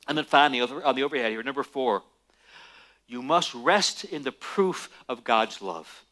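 A man, a Messianic rabbi, preaching a sermon emphatically and slowing down for stress on key lines. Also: high-pitched. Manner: emphatic, animated preaching with dramatic slowdowns.

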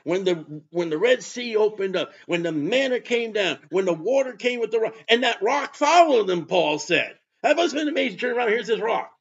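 A man preaching a sermon, emphatic, with bursts of loud delivery. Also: sits high, lively intonation, fairly quick, hardly any pauses, slightly rough. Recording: dull lo-fi sound.

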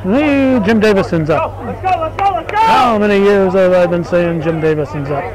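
A middle-aged man doing play-by-play for a local softball game in a relaxed, chatty way, correcting himself and making asides. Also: high-pitched, normal speed, rough recording. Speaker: play-by-play announcer. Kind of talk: local sports commentary. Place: outdoor softball field. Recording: crowd noise at an outdoor ballfield.

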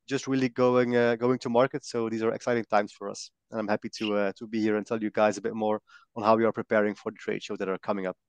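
A man's voice: mid-range voice, smooth, no echo. Hesitant Belgian man on a video call. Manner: hesitant, many fillers and restarts. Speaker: panelist. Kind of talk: webinar panel introduction.

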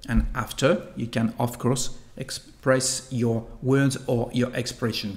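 A man's voice: medium pitch, level tone. Tutor man explaining phrases. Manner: clear, deliberate explanation with repeated model phrases. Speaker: online French tutor. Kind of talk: language lesson.

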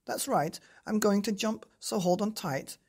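A woman voicing a cheery, boastful giant male toad in a high, sing-song way. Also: unhurried, a little mellow, slightly rough. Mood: bossy.

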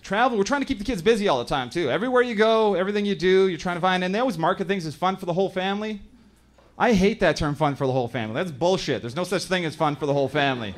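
A Canadian man in his thirties performing a stand-up comedy set on a club stage, telling family stories and briefly acting out other people in quick voices. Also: high-pitched, lively intonation. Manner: storytelling, acts out other characters in quick voices.

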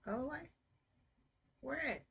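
A woman's voice: sits high, lively intonation, vocal fry, fairly bright tone, husky, highs cut off. A woman chatting playfully while streaming a shooter game. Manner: playful, sings snippets, slow drawl. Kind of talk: casual live-stream chat while gaming.

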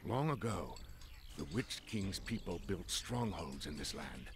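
A man's voice: deep voice, sing-song, a little slow, music in the background, exaggerated voice. An actor playing a weary male hobbit companion in a game cutscene.

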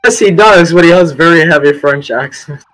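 A man's voice: fairly high pitch, moderate pace, a bit bright, low-quality recording. A man chatting casually over game voice chat, joking crudely and swearing. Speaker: player in voice chat.

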